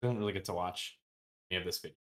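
A man's voice: deep voice, racing, a bit bright. Casual man recapping a book. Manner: retells scenes, briefly voicing characters' lines; loose, slangy, with many fillers and restarts. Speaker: podcast co-host.

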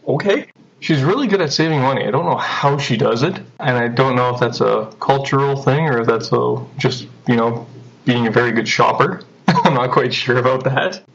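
A man's voice: medium pitch, moderate pace, gravelly, fairly bright tone. Young man, easygoing chatty interviewee, lo-fi sound. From Canada. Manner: chatty, laughs often, acts out quotes. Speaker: interview guest. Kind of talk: casual interview chat. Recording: dull lo-fi recording.

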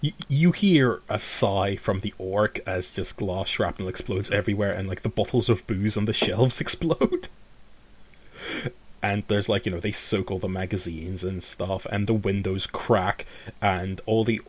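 A man's voice: lowish voice, a little slow, slightly rough. A man narrating as game master, rambling with lots of fillers and laughter.

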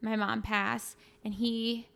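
Young woman with a gravelly, higher voice. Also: flat delivery, slow, fairly bright tone. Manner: chatty, many fillers. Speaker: podcast guest; fitness coach. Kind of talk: casual emotional conversation.

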